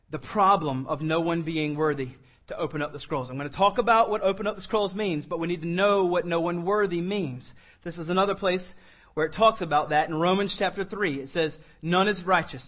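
A man preaching a sermon as pastor, reading scripture slowly and building from quiet passages to loud, emphatic ones. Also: high-pitched. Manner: reads scripture slowly with weight.

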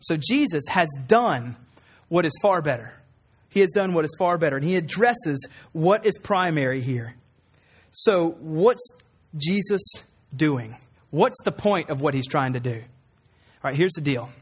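High-voiced preacher teaching earnestly. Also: male voice, animated, a little slow, husky. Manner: earnest, repeats key phrases for emphasis; acts out quoted voices in a raised tone. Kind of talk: sermon teaching.

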